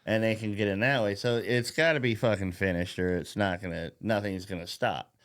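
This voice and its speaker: A man's voice: on the low side, fairly even intonation, fairly quick, a bit bright. A man hosting a podcast in a casual political rant, profane and rambling, mocking, and laughing at his own jokes. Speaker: podcast host.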